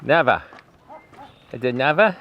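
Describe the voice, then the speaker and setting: A man's voice: medium pitch, lively intonation, measured pace, lo-fi sound. Older man coaxing dogs, noisy outdoors. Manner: affectionate, coaxing baby talk to animals. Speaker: animal rescuer. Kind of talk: casual talk to rescued dogs.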